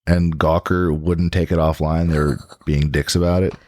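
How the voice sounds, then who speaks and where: Deep-voiced male host, dry room. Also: flat delivery, moderate pace, darkish tone, no echo. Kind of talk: casual chat.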